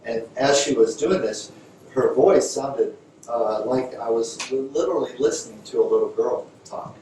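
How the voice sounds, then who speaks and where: A man gives a storytelling lecture as a yoga teacher, talking casually and jumping into a higher, louder voice whenever he quotes a conversation. He is recorded from a distance in a very echoey room, with a faint hiss underneath. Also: normal speed. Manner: conversational, acts out dialogue in a raised voice.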